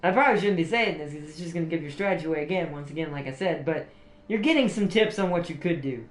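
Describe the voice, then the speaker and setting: A livestream host speaks quickly in a voice on the high side, chatting casually, laughing often, and rambling with restarts. The recording has a roomy echo with faint music in the background.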